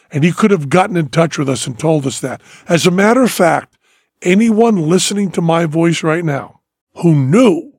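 A man's voice: fairly high pitch, no room sound, clean studio sound. A man hosting a podcast, telling long rambling stories with lots of energy and breaking into bits of songs. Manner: animated storyteller, bursts into sung snippets. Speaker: podcast host. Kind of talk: casual chat.

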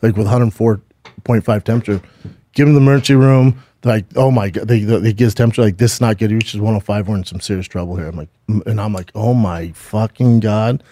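A man's voice: lowish voice, fairly even intonation, fast, warm tone, no room sound. A middle-aged man co-hosting a podcast, telling stories in a rambling, profane, casual way with lots of restarts. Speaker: podcast co-host. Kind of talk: casual chat.

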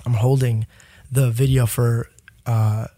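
A man in his twenties is a guest on a podcast, spinning a story in loose, casual chat. He's lively and swears a lot, laughs often, and acts out what other people said. His pitch is medium, his pace slow, and there's no room sound.

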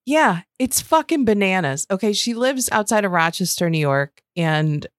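A woman's voice: medium pitch, expressive, moderate pace, no echo, studio quality. A woman co-hosting a podcast, chatting casually and telling candid, profane stories. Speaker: podcast co-host. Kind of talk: casual chat.

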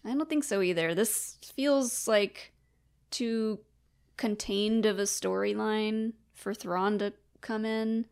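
A woman co-hosting a casual fan podcast, reading listener questions and giving relaxed, agreeable replies. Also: mid-range voice, slow pace, gravelly, clean tone.

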